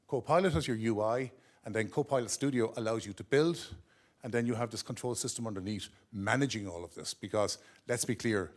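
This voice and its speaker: Male presenter, gravelly, chatty conference talk, keeps checking in with "okay?". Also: mid-range voice. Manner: conversational, often checks in with "okay?". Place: conference room at a corporate office.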